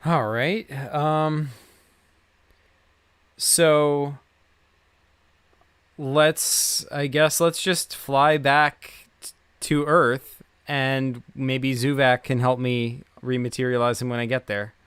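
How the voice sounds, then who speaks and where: A man's voice: mid-range voice, little pitch movement, slow, pauses often, a bit bright, smooth, no echo. A man playing a tabletop game, asking stammering, hesitant questions. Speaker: player. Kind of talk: casual tabletop game play.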